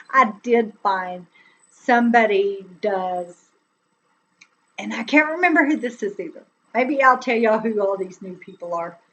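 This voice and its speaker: Lady live streamer, slow rambly chat with lots of laughs, faint hiss behind. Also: mid-range voice, a bit bright, rough recording. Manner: chatty, rambling, laughs often, speaks to chat viewers.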